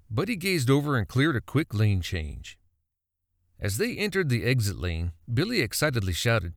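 A man narrating a folksy story in an animated, storytelling manner. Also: mid-range voice, moderate pace, creaky, no room sound, clean studio sound.

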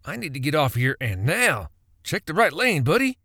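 A man's voice: fairly high pitch, wildly swooping pitch, normal speed, creaky, fairly bright tone, no echo, clean studio sound, pitched above the performer's own voice, exaggerated voice. A man voicing an eager, cheerful young man who is the sober driver, with an upbeat, chirpy delivery. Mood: panicked.

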